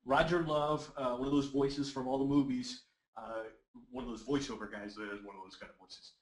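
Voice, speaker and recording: Male webinar presenter and voice coach, average pitch, energetic and coaxing; echoey room audio. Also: fairly quick. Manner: energetic and encouraging, reads audience comments aloud. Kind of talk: live webinar teaching.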